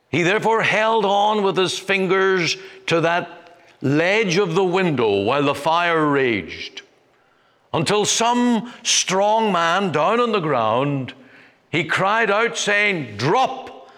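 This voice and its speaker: A man preaching a sermon as a Bible preacher, deliberate and emphatic, with long pauses between phrases. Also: mid-range voice, a bit bright. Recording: long hall reverb.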